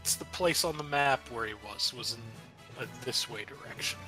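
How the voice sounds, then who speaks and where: Rambling, profane young dungeon master. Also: male voice, medium pitch, moderate pace, music in the background, poor audio. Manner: rambling, profane, offhand storytelling. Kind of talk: casual recap of a tabletop game.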